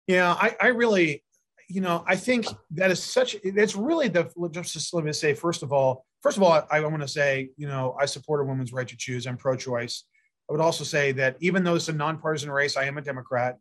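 A man's voice: on the high side, brisk, a bit bright. A middle-aged man, a mayor and a candidate for prosecutor, answering interview questions with long rambling stories full of fillers and restarts.

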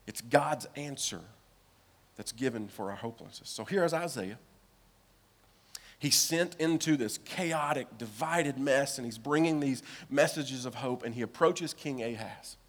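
Man, pastor, sermon, slightly high voice, dramatic hushed-to-loud delivery, acts out dialogue. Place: church sanctuary.

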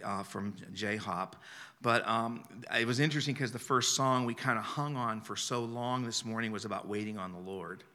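Bright-voiced guest preacher, chuckling often. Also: male voice, mid-range voice. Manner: emotional, chuckling, earnest. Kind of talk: sermon.

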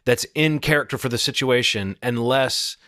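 A man of middle pitch hosts a relaxed podcast conversation, talking with eager energy and often restarting his sentences as he thinks aloud. His voice sits right on the mic in a dry room with no echo. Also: normal speed. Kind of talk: casual chat.

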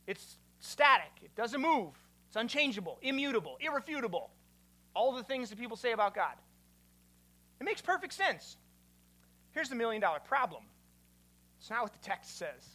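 A man, a pastor, giving an animated teaching sermon and quizzing his listeners. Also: extremely high pitch, normal speed, long pauses.

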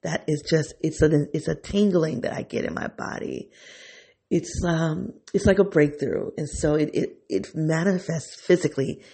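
A man hosting a podcast, thinking aloud in an unscripted, reflective monologue that is excitable and keeps circling back on itself. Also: fairly high pitch, moderate pace, creaky, slightly rough. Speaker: podcast host.

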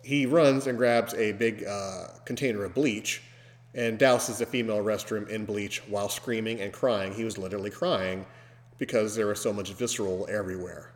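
A man hosting a podcast, telling a story casually and breaking into loud, animated mimicry of screams. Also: fairly low pitch, moderate pace. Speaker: podcast host. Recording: long hall reverb.

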